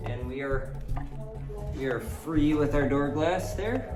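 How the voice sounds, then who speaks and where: A man's voice: a little high, slow. Man, casual workshop vlog, rambling and jokey, far from the mic, roomy echo, music behind. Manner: loose, rambling, joking, with fillers and profanity. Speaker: car vlogger working on a track build.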